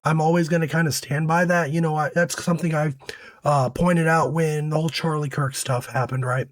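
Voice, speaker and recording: Hoarse man giving casual commentary. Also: a little high, fairly even intonation, a little fast, dry recording. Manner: conversational, uses fillers like "right?". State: hoarse, recovering from illness. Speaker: commentary host.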